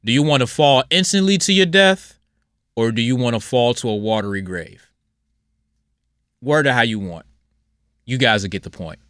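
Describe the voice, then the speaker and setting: A man hosting a solo podcast in a casual, blunt and rambling way, moving between loud outbursts and low mutters. His voice has a forceful, bright tone. The recording is close and dry, with no room echo. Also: animated, normal speed, long pauses. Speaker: podcast host.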